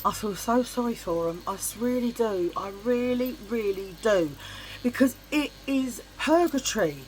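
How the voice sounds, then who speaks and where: Telling a long story in a casual vlog, this middle-aged woman speaks at normal speed in a voice on the high side. The recording is rough with slight background noise, and she's blunt, chatty and animated, swearing freely and doing voices for the people in her anecdotes.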